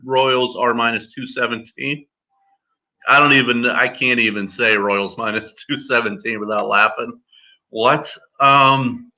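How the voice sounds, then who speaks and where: Bright-voiced man rattling off betting odds. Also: medium pitch. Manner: rattles off odds, fillers and restarts. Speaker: sports betting podcast host. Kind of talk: casual betting chat. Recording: dull lo-fi podcast audio.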